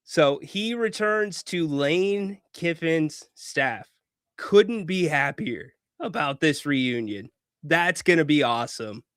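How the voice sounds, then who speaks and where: A man's voice: a little high, animated, slow, a bit bright, clean tone, no room sound, clean studio sound. A man hosting a casual sports talk show, opinionated, often restarting words and chuckling.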